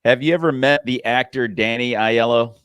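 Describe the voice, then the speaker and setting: A man hosting an interview, responding with quick words of approval and agreement. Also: medium pitch, fairly bright tone, clear, resonant tone, no room sound. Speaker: show host. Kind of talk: interview chat.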